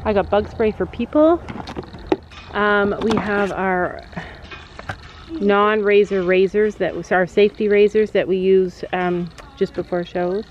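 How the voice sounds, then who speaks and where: A woman's voice: medium pitch, measured pace, lo-fi sound, a little hiss or hum. A woman vlogging as a mom outdoors at a horse barn, chatting casually and explaining her gear to viewers. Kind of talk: casual vlog chat.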